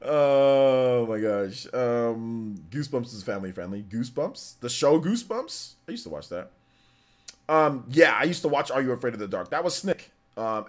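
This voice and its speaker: A man hosting a casual live stream, telling stories with animated energy and breaking into shouts when excited. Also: medium pitch. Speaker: livestream host.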